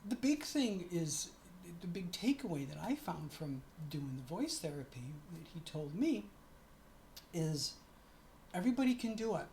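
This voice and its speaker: A woman's voice: on the low side, big pitch swings, a little slow, dark tone, slight background noise. A middle-aged woman chatting to camera in a casual vlog, often stopping to correct herself. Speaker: vlogger.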